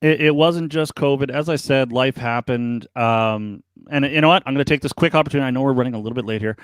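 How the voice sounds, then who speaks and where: A man talks casually on a live stream about a new podcast. He rambles and turns earnest, and gets animated in his stories. The sound is dry and close. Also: medium pitch, quick pace, clear, resonant tone, no room sound. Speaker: podcast co-host guest.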